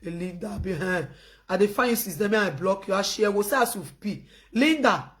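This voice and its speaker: Speaking at a moderate pace with a medium-pitched voice, this woman hosts a relaxed live stream in a Nigerian Pidgin English accent. Quiet phone chat gives way to loud outbursts as she laughs and stays animated.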